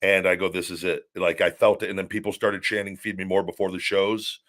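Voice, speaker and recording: Deep-voiced man rambling. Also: little pitch movement, fairly quick, fairly bright tone. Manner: rambling storytelling with many restarts. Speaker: show host, former wrestler. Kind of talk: casual podcast chat.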